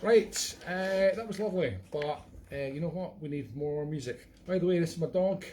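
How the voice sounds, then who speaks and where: A man's voice: fairly high pitch, normal speed, warm tone, a little hiss or hum. A Scottish man doing a hammy comic impression of a singer, chatting in self-mocking showman banter between songs. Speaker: comic entertainer.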